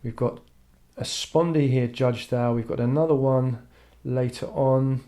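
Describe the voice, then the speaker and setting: Mid-range and mellow, this man's voice holds a steady tone and measured pace as he teaches English literature online. He talks thoughtfully, filling gaps with "um"s and often restarting.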